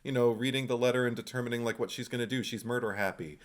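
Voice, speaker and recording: A man co-hosting a film podcast in easy, casual talk. He gets animated, laughs often and slips into little acted-out asides of his own reactions. His voice sits at an ordinary middle pitch. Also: fast. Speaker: podcast co-host.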